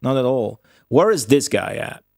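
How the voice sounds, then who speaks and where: A man's voice: medium pitch, very animated, moderate pace, gravelly, no echo, studio quality. A man with Italian as his first language, streaming a game live and chatting with viewers in English with a slight Midwestern and Australian tinge. He talks in a profane, rambling, offhand way. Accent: slight Midwestern with a touch of Australian. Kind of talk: live gameplay commentary with chat.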